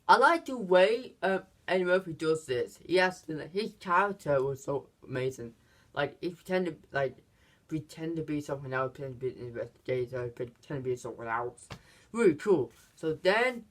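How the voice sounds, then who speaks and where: Halting, filler-heavy movie reviewer. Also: fairly bright tone. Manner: halting, many fillers and restarts; acts out quoted lines in higher voices. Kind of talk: casual plot recap.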